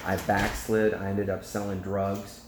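A man voicing a rough-living male prisoner, speaking low and subdued in an echoey room. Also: monotone, measured pace, noisy background, close to an everyday voice. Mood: confessional. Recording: echoey room, faint ambience.

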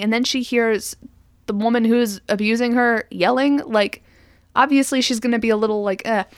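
A woman's voice: on the high side, no echo. Chatty woman podcaster, dry close sound. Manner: chatty, animated retelling with many "like" fillers and acted-out quotes. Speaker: podcast co-host. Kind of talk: casual film discussion.

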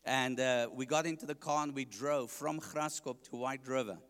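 A man's voice: medium pitch, moderate pace, fairly bright tone, clean tone, in a large hall. A man with a South African accent, an evangelist preaching his testimony to a congregation, joking and asking the listeners questions.

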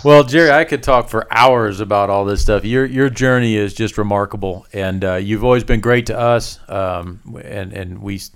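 A man's voice: on the low side, moderate pace, few pauses, clear, resonant tone. A man hosting a podcast, chiming in with short agreeing remarks and wrapping up the interview. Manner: warm agreeing backchannels, brief remarks. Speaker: podcast host. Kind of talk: casual interview chat.

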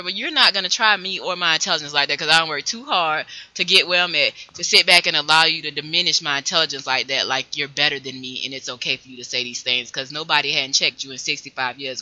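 A woman in her thirties, co-hosting a casual podcast chat and telling stories in an animated, emphatic way with frequent laughs. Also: sits low, fast, hardly any pauses, no room sound, rough recording. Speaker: podcast co-host.

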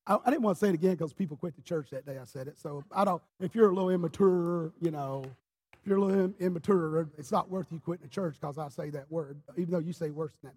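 A pastor preaching a sermon in church, telling his story with passion, dropping low and then rising to shouts. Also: fast talker, breathy edge. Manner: impassioned storyteller, swinging from quiet to shouting.

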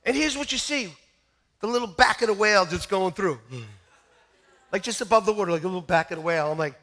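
A very high-pitched man preaching to his church with a bright, gravelly edge to his voice. He tells funny stories with wide swings in pitch and often bursts into loud shouts. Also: quick pace. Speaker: pastor. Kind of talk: comic storytelling sermon. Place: church service.

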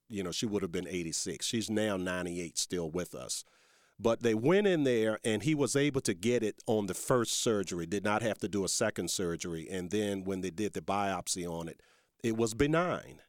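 A man's voice: lowish voice, dry recording, clean studio sound. A man hosting a talk radio show, folksy and rambling, calling his listeners folks and growing emphatic and heated as he argues.

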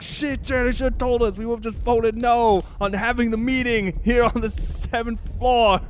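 A man playing a shady tenant with a hidden meth lab, telling his story excitably with frequent chuckles in an improv comedy monologue. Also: high voice.

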